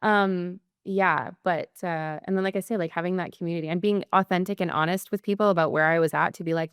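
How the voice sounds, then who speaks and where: A woman's voice: lowish voice, steady tone, fast, hardly any pauses, clear, resonant tone, no echo, clean studio sound. A woman guest on a podcast talking candidly and earnestly, in loose phrases full of fillers. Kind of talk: candid conversational interview.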